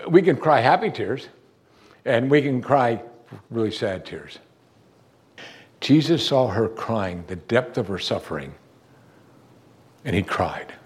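A man preaching a sermon, reading a passage and explaining it to his congregation. He asks rhetorical questions and drops low and quiet to stress key moments. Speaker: pastor.

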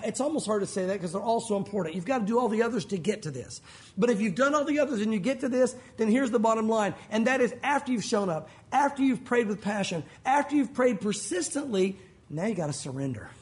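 A man preaching a sermon as pastor, animated and earnest, his voice rising and falling. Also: sits high, quick pace.

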